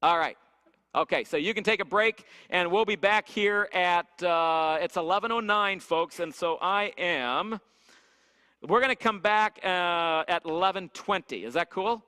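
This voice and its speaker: A man's voice: high-pitched, measured pace, bright, forceful tone, clear, resonant tone. A man leading a church leadership workshop, telling stories and asking the audience questions with lots of energy. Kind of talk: church leadership seminar teaching. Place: church hall. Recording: echoey hall with long reverb.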